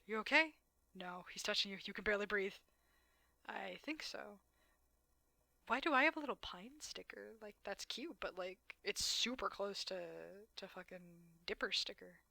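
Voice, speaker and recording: A woman's voice: mid-range voice, sharp tone, dry recording. A woman streamer reading a dating game aloud, dramatic narration broken by blunt, swearing asides.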